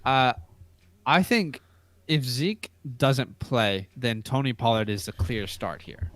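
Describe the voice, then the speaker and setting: A man's voice: mid-range voice, animated, takes it slowly, fairly bright tone, no echo. Brief: American male co-host, chatty, reads viewer questions, dry close mic. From United States. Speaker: podcast co-host. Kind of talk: casual live-stream chat.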